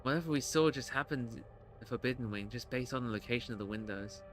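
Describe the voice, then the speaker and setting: A streamer voicing an anxious, guarded young woman in a haunted house, speaking low and hushed. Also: fast talker, natural voice. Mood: tense. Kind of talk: voicing game dialogue.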